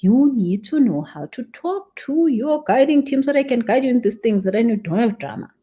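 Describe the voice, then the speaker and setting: A young woman coaching a live-stream audience, animated and emphatic, stressing points by repeating words. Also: a little high, moderate pace. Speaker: spiritual business coach.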